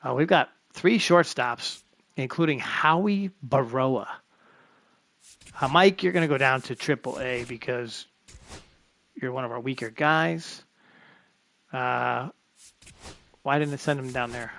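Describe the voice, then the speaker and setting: Sorting players on his roster, a male streamer chats to himself during live play of a baseball management game. He speaks at a measured pace in a mid-range voice with vocal fry and long pauses; the tone is a bit bright, with slight background noise.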